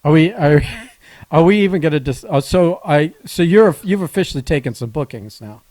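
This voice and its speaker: A man's voice: a little high, lively intonation, normal speed, a little mellow, no room sound. A man co-hosting a podcast, teasing his friend and explaining things at length. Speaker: podcast co-host. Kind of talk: casual podcast chat.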